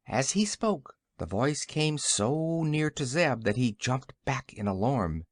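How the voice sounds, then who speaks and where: Brief: male audiobook narrator, animated storyteller, dead-dry close mic. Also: medium pitch, slow pace, few pauses, no echo. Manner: expressive storytelling. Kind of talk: scripted narration.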